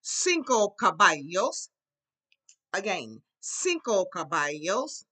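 A woman teaching a Spanish class to young children, leading songs and call-and-response in a lively, sing-song way. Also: mid-range voice, normal speed. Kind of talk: children's language lesson.

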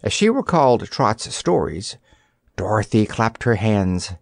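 A man narrating an audiobook in an expressive storytelling manner, on a close studio mic. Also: on the low side, measured pace, vocal fry, no echo.

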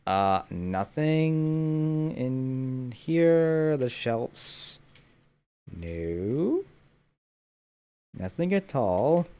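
Slow, animated young man playing a game. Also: mid-range voice, clear, resonant tone. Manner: jokey running self-talk. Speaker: gaming channel host. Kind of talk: gameplay commentary. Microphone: headphones with mic.

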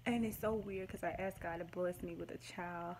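Late-20s woman gushing into her phone at home, rambling and emotional, lowish voice, lots of hiss behind her. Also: steady tone, normal speed. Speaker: vlogger. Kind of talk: casual to-camera vlog.

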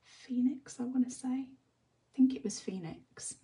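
An English woman chatting casually while she teaches colouring on a live stream, often sinking into a soft half-whisper as she works. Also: high voice, unhurried, far from the mic. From England. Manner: relaxed rambling chat, often drops to a soft half-whisper while working. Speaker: colouring tutor.

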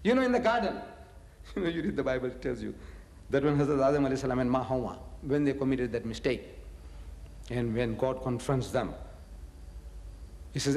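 A man's voice: mid-range voice, fairly quick, pauses often. A man giving a public lecture on scripture, telling stories with mocking asides and repeating phrases for emphasis. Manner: animated storytelling, mocking asides, chuckles. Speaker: religious lecturer. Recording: echoey hall reverb.

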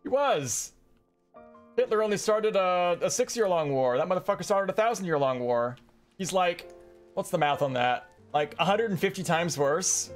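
A man giving casual, profane commentary while playing a game, excitable and laughing often. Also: on the high side. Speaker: streamer reacting to a game.

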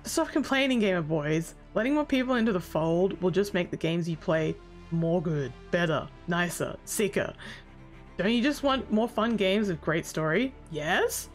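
Speaking in a mid-range, expressive voice at a moderate pace, a woman delivers a casual commentary video essay with faint music behind her. She's brash and sarcastic, curses freely, and erupts into loud fits of exasperation.

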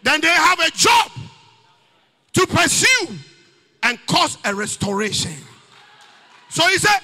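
A man with a Ghanaian accent preaches into a microphone in church, raising his voice to a shout on each point. His voice sits very high and sounds sharp and bright. His pitch swings widely as he drives the message home. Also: sing-song, slow, long pauses, in a large hall. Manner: preaching, often shouting with rising emphasis. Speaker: pastor. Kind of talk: sermon.

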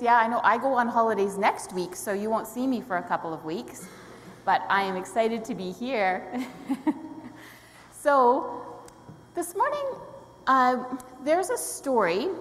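A woman leading a children's story in a church service, friendly and asking questions, laughing often. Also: fairly high pitch. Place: church sanctuary. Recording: long hall reverb, faint room noise.

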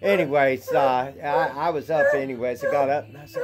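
A man's voice: medium pitch, moderate pace, over loud music. A man casually chatting through a morning at an animal sanctuary, rambling and folksy with chuckling asides. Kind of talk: casual morning vlog chat.

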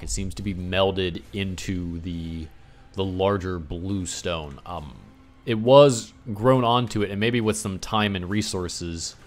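A man running a tabletop game as game master, narrating scenes with spoken sound effects over an online voice chat mic. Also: low voice.

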